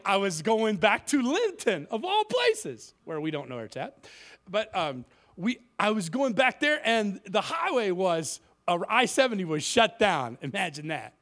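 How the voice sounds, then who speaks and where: A man's voice: high-pitched, a bit bright. A man preaching as a guest speaker in a church, telling a story in a joking, self-mocking way. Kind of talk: humorous sermon storytelling.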